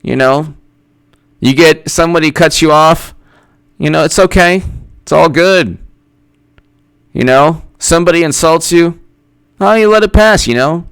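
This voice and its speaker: A man giving casual political commentary in an animated, incredulous way, firing off rhetorical questions and repeating himself. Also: fairly high pitch, unhurried, pauses often, smooth. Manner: greets live chat viewers by name.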